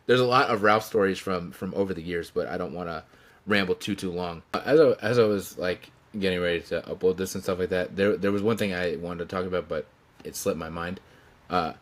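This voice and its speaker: A man with a very low voice tells stories in a loose, rambling way, full of restarts and chuckles. He talks to a desk camera from his room. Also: a bit bright. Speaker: channel host telling stories. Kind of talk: casual storytelling tribute.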